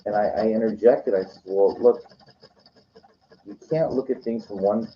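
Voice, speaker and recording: Man, very low voice, casual rambling monologue, lots of fillers and restarts, dull lo-fi sound. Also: normal speed, warm tone, a little hiss or hum. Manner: meandering, heavy on "you know" and "like", frequent restarts. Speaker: weekend vlogger. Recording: dull lo-fi recording.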